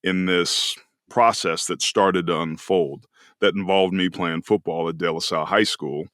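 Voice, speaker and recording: A man's voice: deep voice, steady tone, unhurried, fairly bright tone, no echo, studio quality. A man in his forties from California, a podcast guest and former football player, telling a personal story in an earnest, reflective, emotional way. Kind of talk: casual storytelling conversation.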